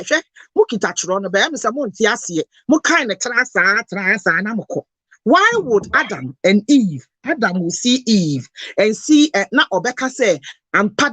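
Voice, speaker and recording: A woman's voice: mid-range voice, a bit bright, dry recording. A Ghanaian woman talking passionately, mixing Twi and English in an emotional, preachy lecture. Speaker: host.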